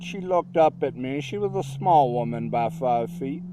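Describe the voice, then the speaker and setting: A middle-aged man telling a personal story in a slow, reflective, conversational way. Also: mid-range voice, animated, mellow, slight background noise.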